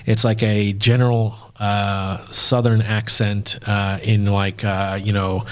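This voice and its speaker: A man's voice: on the low side, level tone, slow. A man hosting a podcast in casual chat, rambling with many fillers and restarts. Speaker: podcast host.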